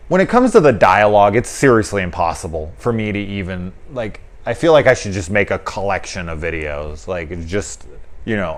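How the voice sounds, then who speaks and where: A man giving a casual spoken movie review, animated and profane, often acting out characters' lines in put-on voices. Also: deep voice. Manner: animated, swearing, acts out quotes in put-on voices. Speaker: film reviewer.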